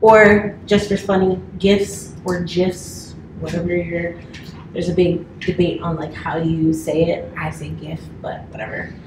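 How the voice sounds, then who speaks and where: A woman's voice: lowish voice, little pitch movement, moderate pace. Thirtyish woman running a class orientation, chatty and rambly, echoey room, mic kinda far off, bit of hiss. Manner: chatty, loose, many filler words. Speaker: campus manager. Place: office classroom. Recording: roomy, from far off, faint hiss.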